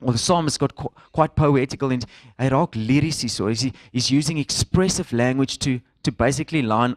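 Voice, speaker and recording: Pastor preaching in a dry room. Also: male voice, mid-range voice, no echo. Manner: conversational, with fillers and mixed-in Afrikaans phrases. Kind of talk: sermon. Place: church in front of a congregation.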